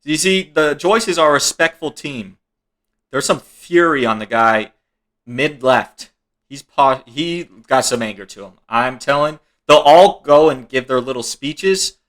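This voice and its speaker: Joking man in bright reaction commentary. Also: medium pitch, a little slow. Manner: joking, laughs while explaining, swears casually. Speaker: streamer reacting to videos.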